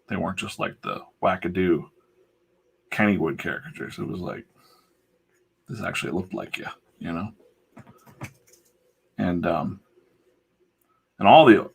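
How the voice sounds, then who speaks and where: A man's voice: low-pitched, vocal fry, slightly rough. A man who livestreams himself drawing comics, telling a rambling, casual story full of fillers and asides. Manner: chatty, digressive, full of fillers.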